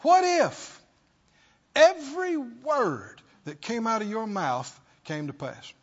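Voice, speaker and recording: A man's voice: sits high, huge pitch swings, takes it slowly, fairly bright tone, slightly rough. A male preacher giving an emphatic sermon and throwing rhetorical questions at his congregation, in a dull lo-fi recording.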